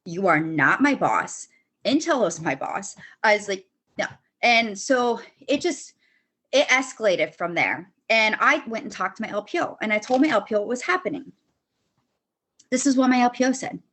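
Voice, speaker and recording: A woman's voice: fairly high pitch, animated, moderate pace, fairly bright tone. A young woman guest on a podcast, bluntly telling a personal story, swearing often and acting out past arguments in quotes.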